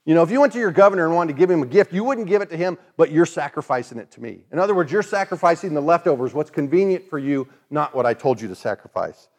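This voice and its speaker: A man's voice: on the high side, animated, fast talker, few pauses. A man preaching a sermon in a conversational way, acting out the voices of the people he quotes. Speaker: pastor.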